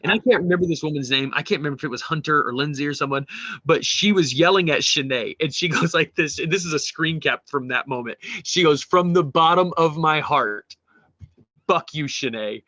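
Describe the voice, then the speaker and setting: A man co-hosting a podcast, casually retelling a show and reading memes aloud, animated and swearing freely. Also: fairly high pitch, fast, dry recording. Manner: animated, swearing, mimics quoted people. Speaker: podcast co-host.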